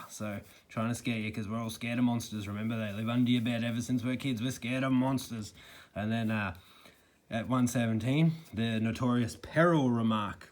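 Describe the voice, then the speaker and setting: A man's voice: mid-range voice, moderate pace. A man with an indignant, mocking manner, giving critical commentary to camera and picking apart a news report. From Australia. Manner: indignant, with mocking quoted soundbites. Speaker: snake catcher giving commentary.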